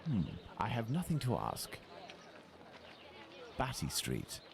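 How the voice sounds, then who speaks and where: A man voicing Sherlock Holmes, a brisk, cold detective in a video game, speaking in a clipped, impatient way. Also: mid-range voice, wildly swooping pitch, vocal fry, noisy background, full character voice.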